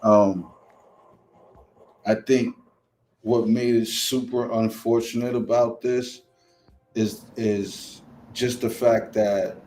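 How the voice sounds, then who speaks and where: A low-voiced man speaks very slowly and carefully, stopping often to think and filling the gaps with ums. A faint background noise sits under his voice. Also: darkish tone, low-quality recording. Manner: measured, with many fillers. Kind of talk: casual podcast discussion.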